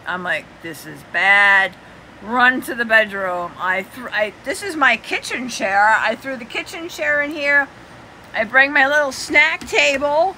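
A woman's voice: sits high, measured pace, bright, forceful tone, poor audio. A woman vlogging casually from a small apartment bedroom, breathless and exasperated, with a New York accent. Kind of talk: casual selfie vlog to camera. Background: air conditioner hum.

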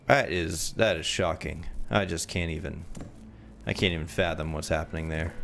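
A man commentating a horror game, jumpy and excitable, swearing and yelping when scared. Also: deep voice, moderate pace, vocal fry, a little hiss or hum. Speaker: gaming channel host.

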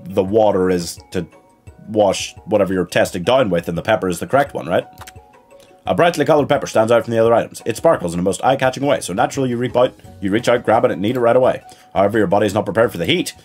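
A man streaming a game, reading the story aloud in an animated, playful way. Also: fairly low pitch, fast, soft background music.

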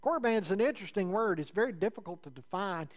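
A man preaching a sermon in a conversational way, building up with rising emphasis and then dropping into low, quiet asides. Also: lively intonation, fast talker. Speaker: pastor.

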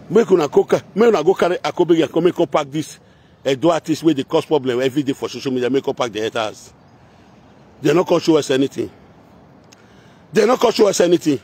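A little high, a little mellow and husky, a man's voice carries a Nigerian Pidgin Edo accent. His heated rant is confrontational, mixing speech with singsong chants and repetition.

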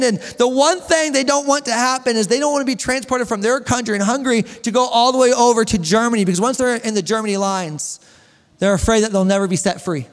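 A man preaching a sermon as a pastor, telling a story, asking the congregation questions and joking with them. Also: very high voice. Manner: storytelling, asks the congregation questions, jokes and laughs. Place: church hall with long reverb. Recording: echoey church hall.

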